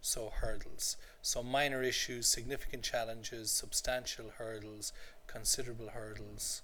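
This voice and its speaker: A man's voice: mid-range voice, level tone, normal speed, bright, forceful tone, slight background noise. A man teaching an English class to adult learners, patient and repetitive, checking in often with the students. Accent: native English. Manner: patient, repeats phrases, checks understanding with "okay?".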